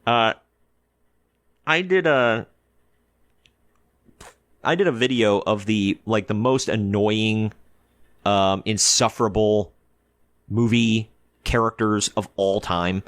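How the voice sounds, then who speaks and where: A man giving casual film commentary as a reviewer, ranting in an animated, exasperated way with lots of fillers. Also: lowish voice, slow, pauses often, dry recording. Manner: acts out quoted characters in short bursts. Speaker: movie reviewer.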